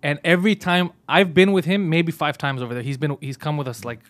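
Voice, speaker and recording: A young man telling a story in casual chat, animated and exasperated, swearing often. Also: fairly high pitch, brisk.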